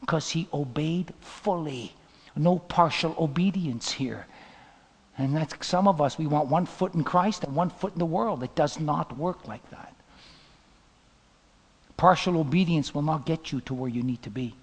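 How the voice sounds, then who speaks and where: A man preaching a sermon as pastor, telling stories dramatically and swinging from loud bursts to whispers. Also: fairly high pitch, a little slow, slightly rough, long reverb tail.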